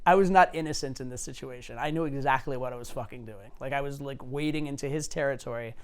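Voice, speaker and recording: A man's voice: mid-range voice, fast talker, clean tone. A man in his forties, a dating coach, telling stories casually, loose and profane with many fillers. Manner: swearing, filler-heavy, anecdotal. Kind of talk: casual storytelling.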